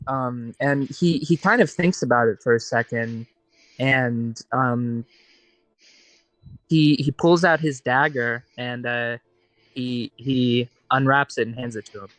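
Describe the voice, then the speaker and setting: A man's voice: mid-range voice, slow, fairly bright tone, dry recording. A man playing a tabletop game, describing his character's actions hesitantly. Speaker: player.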